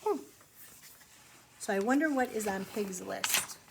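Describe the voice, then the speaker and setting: A woman's voice: medium pitch, expressive, measured pace, vocal fry, noisy background. A woman reading a picture book aloud to children in a sing-song way, stopping to ask them questions. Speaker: storytime reader.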